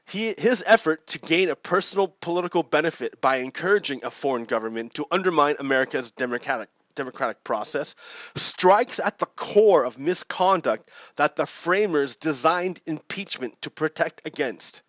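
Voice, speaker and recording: Fairly high-pitched, animated and a bit bright, a man speaks at normal speed with no room sound. He hosts a gaming video where he reads out and explains politics in a laid-back, chuckling way, repeating himself often, on a dry, dull lo-fi mic.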